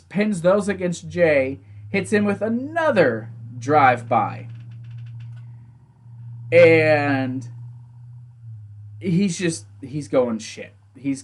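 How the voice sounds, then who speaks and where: A young man casually recapping a wrestling event, animated, laughing often and acting out the wrestlers' lines. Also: a little high. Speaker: wrestling show reviewer. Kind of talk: casual recap with acted quotes.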